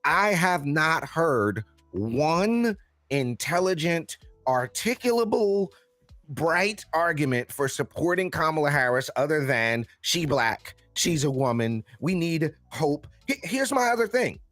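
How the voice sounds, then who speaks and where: A man's voice: fairly high pitch, big pitch swings, takes it slowly, a bit bright, no echo, soft background music. A man co-hosting a political talk show, emphatic and incredulous, laughing often as he comments.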